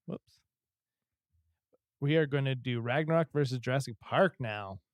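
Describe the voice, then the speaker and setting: A man's voice: medium pitch, clear, resonant tone, no echo. Podcast guy rambling along, lots of ums and likes, dry close mic. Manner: rambling, many fillers and restarts. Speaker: podcast co-host. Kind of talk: casual chat.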